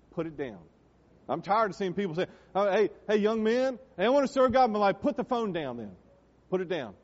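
A middle-aged man preaching a sermon in a church, emphatic, swinging from loud exhortations to quiet asides. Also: a little high. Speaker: pastor. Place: church sanctuary. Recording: dull, reverberant church hall recording.

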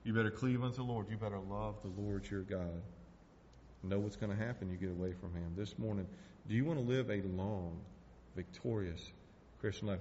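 A man's voice: lowish voice, lively intonation, fairly quick, mellow, in a large hall, muffled recording. A man preaching a sermon from the pulpit, folksy and emotional, tossing in "man" and "hey" as he talks. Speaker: pastor. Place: church sanctuary.

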